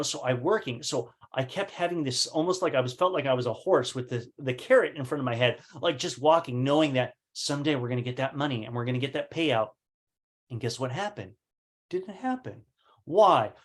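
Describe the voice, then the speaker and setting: A man telling his own business story in a casual motivational talk, acting out past conversations with fillers and rhetorical questions. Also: on the high side.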